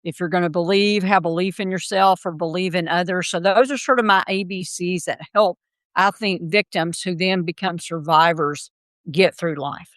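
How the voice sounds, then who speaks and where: A woman's voice: fairly low pitch, normal speed, no room sound. A middle-aged woman, a podcast guest, telling her story in an interview and acting out the voices of the people in it. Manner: animated storyteller, acts out quoted voices.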